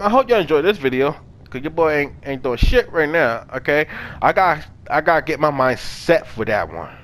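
Young male gaming host, loose casual commentary, excitable and swearing, voice a touch high. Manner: excitable, yells and swears when startled. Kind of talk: casual let's play commentary.

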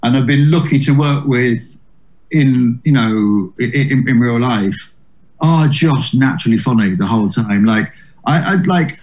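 A man's voice: mid-range voice, unhurried, darkish tone. Rambling man telling comedy-circuit stories. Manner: rambling, many restarts and "like"s. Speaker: comedian, guest. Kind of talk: casual interview anecdotes.

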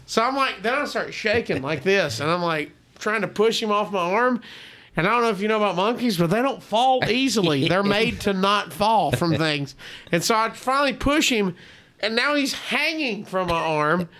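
A man's voice: sits high, moderate pace. A man telling a story as a guest on a comedy podcast, acting out the voices of the people in it. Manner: animated, acts out quoted voices.

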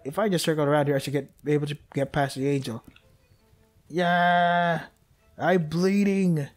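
Excitable joking man playing a game. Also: on the high side, normal speed, faint music behind. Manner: joking, excitable, talks to the game characters, laughs often. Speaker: gameplay commentator. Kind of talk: let's play commentary.

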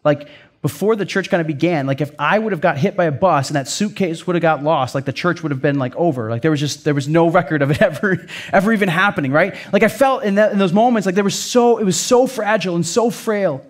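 Midwestern pastor guy preaching, fairly high voice for a man, chatty and earnest, lots of "like" and "right?". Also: quick pace. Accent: Upper Midwest American. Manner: earnest, conversational, with frequent "like" and "right?". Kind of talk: sermon.

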